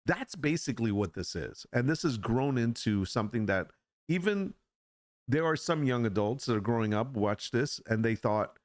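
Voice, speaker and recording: A man's voice: medium pitch, lively intonation, normal speed, no echo, studio quality. A middle-aged man hosting a casual solo podcast chat, rambling and frank, often repeating words as he restarts a thought. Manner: frank, opinionated. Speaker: podcast host.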